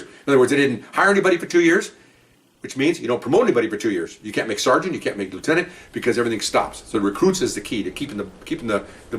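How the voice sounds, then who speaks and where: An older man, a retired police officer, telling a rambling, animated story about his early days on the job. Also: medium pitch. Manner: rambling, animated, acts out quotes. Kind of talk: casual storytelling.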